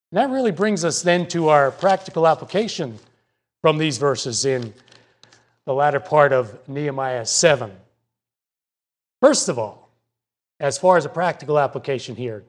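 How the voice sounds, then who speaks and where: A man preaching a sermon as pastor, measured and repeating his key points for emphasis. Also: a little high, lively intonation.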